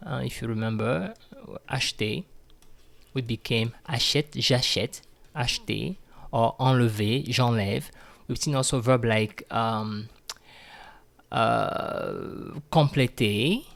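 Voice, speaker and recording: A man's voice: mid-range voice, vocal fry. A man teaching a French grammar lesson, speaking patiently, repeating words and using many fillers.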